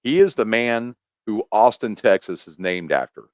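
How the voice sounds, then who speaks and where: Rambling, animated American man. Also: fairly low pitch, normal speed, no echo. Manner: rambling, animated explaining with restarts. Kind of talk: casual chat.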